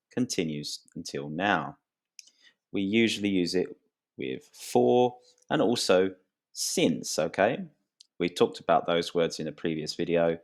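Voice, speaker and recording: A man with a deep, low voice teaches English grammar at an unhurried pace. He explains each point slowly and clearly, his voice rising on questions to draw the viewer in. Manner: slow, clear and lively, rising pitch on questions. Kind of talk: grammar lesson to camera.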